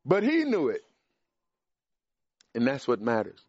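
A man preaching a sermon in an emphatic, animated way, pushing up in pitch and volume on key points. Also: unhurried, breathy edge, dry recording. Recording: dry, dull lo-fi sound.

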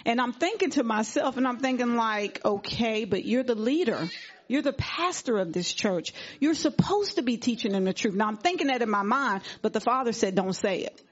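Woman giving an animated church testimony. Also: on the high side, normal speed. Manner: animated retelling, acting out quoted dialogue. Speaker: congregation member giving testimony. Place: church fellowship service. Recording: dull lo-fi recording.

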